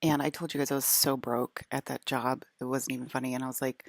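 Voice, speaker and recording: A woman's voice: extremely low pitch, steady tone, normal speed, dry recording, studio quality. A young woman rambling casually to her viewers in a vlog, full of "like" and restarts. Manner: rambling, filler-heavy, lots of "like". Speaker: vlogger.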